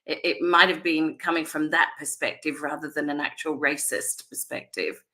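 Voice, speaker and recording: Upbeat woman guest on a video call, bright forward voice. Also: low voice, fairly even intonation, moderate pace. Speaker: panel guest. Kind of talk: live panel conversation.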